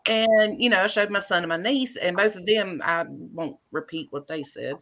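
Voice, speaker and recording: A woman, a homeowner and guest, telling her story in casual, animated talk on a video call. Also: mid-range voice, normal speed. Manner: chatty, animated retelling with laughs.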